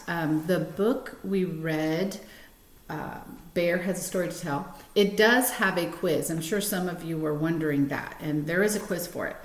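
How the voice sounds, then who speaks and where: A middle-aged woman librarian chats gently with children at storytime, filling pauses with ums. She talks slowly in a lowish voice. The recording has a roomy echo. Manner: gentle, chatty teacher talk with many ums. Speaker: school librarian. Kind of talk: storytime read-aloud to children.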